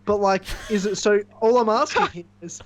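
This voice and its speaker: High-voiced man firing off questions. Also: moderate pace. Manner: teasing, fires off questions. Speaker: podcast guest. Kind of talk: casual chat.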